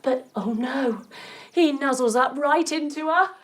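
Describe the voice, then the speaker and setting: A woman telling a story as she leads a yoga lesson for children, playful and gentle as she guides each movement. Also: high-pitched, unhurried. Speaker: kids' yoga instructor.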